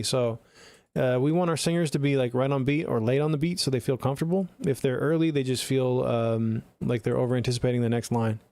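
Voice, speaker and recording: A man's voice: medium pitch, darkish tone, no room sound. A man streaming live, giving blunt, profane, chatty feedback on listeners' songs into a close studio mic. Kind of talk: casual live-stream critique.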